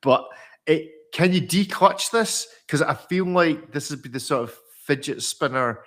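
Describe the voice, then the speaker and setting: A man's voice: on the high side, measured pace, a bit bright. Easygoing man hosting a panel. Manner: easygoing, asks questions, laughs along. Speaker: host. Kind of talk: hosting a live panel show.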